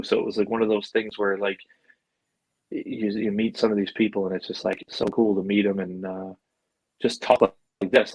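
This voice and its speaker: This podcast guest, a middle-aged animal handler out of Buffalo, New York, spins loose, chatty stories packed with fillers like "you know" and casual cursing. His voice is fairly low and a little mellow. Captured dry and close with no echo, the audio is rough.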